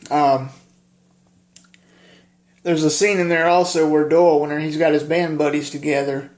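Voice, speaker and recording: A man vlogging casually about his favorite film, halting with lots of filler pauses and plainspoken. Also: a little high, steady tone, darkish tone.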